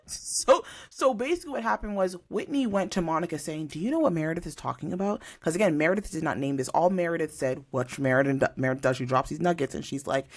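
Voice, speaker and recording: A woman's voice: low-pitched, expressive, fast talker, hardly any pauses. A young woman co-hosts a casual podcast, recapping reality TV drama. She tells the story with energy and acts out each quote. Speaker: podcast co-host.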